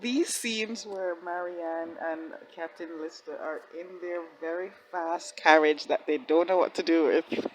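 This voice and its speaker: A woman hosting a reaction video, giving casual commentary in an excitable way, laughing often and talking back at the screen. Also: on the low side, measured pace, slight background noise, rough recording.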